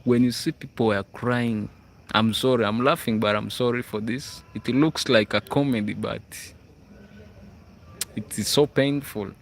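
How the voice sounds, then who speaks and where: A livestream host from Uganda chats casually in Ugandan-accented English outside on school grounds at night, reading viewers' comments aloud and regularly asking "hmm?" His medium-pitched voice is gravelly and steady in tone, a little slow, with slight background noise.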